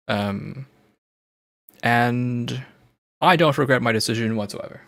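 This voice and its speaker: A man's voice: medium pitch, takes it slowly, vocal fry, pauses often, fairly bright tone. A man streaming a game, chatting playfully and rambling, slipping into a put-on British accent. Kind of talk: casual gameplay commentary.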